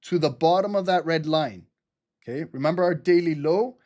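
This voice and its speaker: A man hosting a live trading stream, talking fast and excitedly, laughing often and swearing casually. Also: on the high side. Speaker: livestream trading host.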